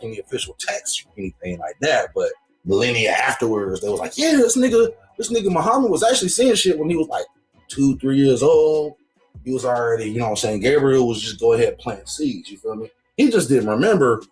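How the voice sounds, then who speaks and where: A man giving slangy, animated comedic commentary while reading a text aloud. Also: medium pitch. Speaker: commentary host.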